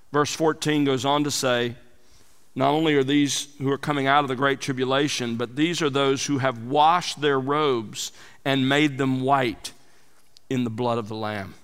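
A man's voice: fairly high pitch, bright, forceful tone, clean tone, in a large hall. A man preaching an expository sermon, teaching verse by verse with emphatic rises and drops for emphasis. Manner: emphatic, rising and falling for emphasis. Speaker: pastor.

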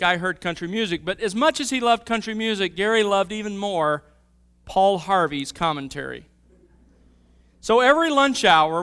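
A man preaching a sermon, telling a story and then moving into Bible teaching with a lively, varying delivery. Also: high voice, smooth. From Mobile, Alabama area. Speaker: pastor.

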